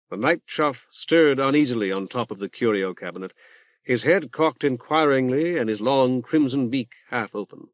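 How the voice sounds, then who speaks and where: A man reading an audiobook in a plain, measured narration style. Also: mid-range voice, dry recording. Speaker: audiobook reader. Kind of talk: scripted narration. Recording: dull dry tape transfer.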